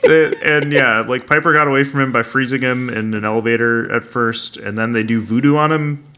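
A man with a bright, forward voice chats loosely about a TV episode. He rambles through the plot and laughs along with friends. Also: medium pitch, fairly quick, clean tone. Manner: rambling, laughing, quoting characters in silly voices. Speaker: podcast co-host recapping a TV episode. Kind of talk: casual chat.

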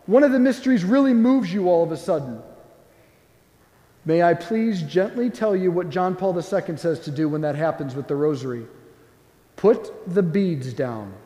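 A man giving a gentle, conversational talk on prayer, often acting out the prayers he describes. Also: sits high, lively intonation, moderate pace. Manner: gentle, playful, acts out quoted prayers. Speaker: Catholic speaker on prayer. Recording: echoey hall with long reverb.

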